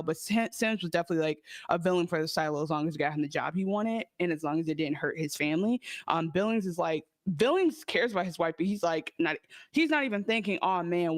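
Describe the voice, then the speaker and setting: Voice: mid-range voice, dry recording, studio quality. A co-host on a casual podcast, analyzing a TV episode in a loose, rambling way with fillers and swearing. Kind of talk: casual TV recap chat.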